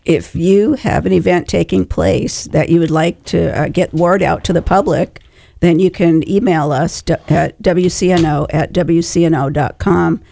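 A man's voice: fairly high pitch, steady tone, normal speed, vocal fry, mellow. A man co-hosting a radio show, explaining station services plainly with some fillers. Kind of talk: casual radio chat.

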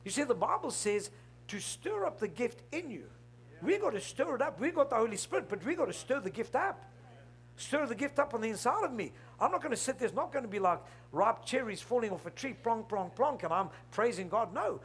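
Man, pastor, very high voice, lively sermon delivery, faint background hum. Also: a little fast. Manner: emphatic, animated storytelling with repeated "hello?".

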